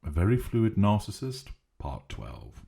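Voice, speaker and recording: A man giving a measured, emphatic, lecturing analytical monologue. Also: fairly low pitch, big pitch swings, vocal fry, dark tone. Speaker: commentator on narcissism.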